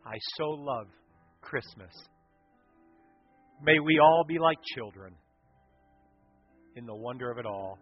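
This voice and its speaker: Man preaching, animated storyteller, husky, dry lo-fi sound. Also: medium pitch, slow pace, pauses often, faint music behind. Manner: animated storytelling preacher, swinging from loud to hushed. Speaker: pastor. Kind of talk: sermon. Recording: dull lo-fi sound.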